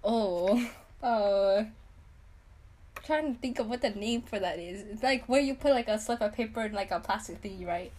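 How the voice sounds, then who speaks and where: A teenage girl hosting her own podcast, chatting casually with lots of fillers and quick laughs. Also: medium pitch, a little mellow. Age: teens. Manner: giggly, filler-heavy chatter. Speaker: podcast host. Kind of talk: casual chat.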